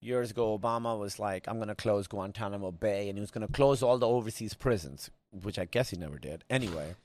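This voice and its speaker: A man's voice: fairly low pitch, quick pace, a little mellow, a little hiss or hum. A man from Pakistan, a comedian guest telling stories in a casual podcast interview, rambling with restarts and fillers.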